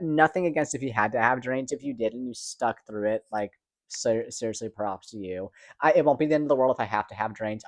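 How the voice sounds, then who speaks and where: A young man talking fast and candidly in a casual personal vlog, swearing now and then, recorded at home. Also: fairly low pitch, no room sound. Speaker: vlogger.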